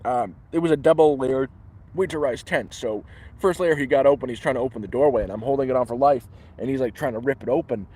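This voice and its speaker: A man's voice: medium pitch, quick pace, warm tone, breathy edge. Canadian man, live vlog in the woods, rambly storyteller. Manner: rambling, restarts often, acts out voices in quotes. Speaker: livestreamer. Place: outdoors in the woods.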